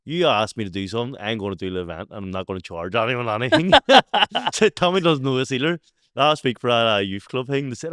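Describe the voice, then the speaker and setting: A man's voice: medium pitch, big pitch swings, fast, fairly bright tone, no room sound, studio quality. A man with a Belfast accent hosting a podcast, chatting casually, swearing and laughing easily. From Northern Ireland. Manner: laughs easily, swears, stammers with repeated words. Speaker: podcast host. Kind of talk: casual chat.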